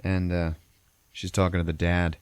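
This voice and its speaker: A man's voice: sits low, completely flat delivery, normal speed, smooth, no room sound. A man hosting a podcast, casually recapping a movie in a profane, rambling way. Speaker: podcast host.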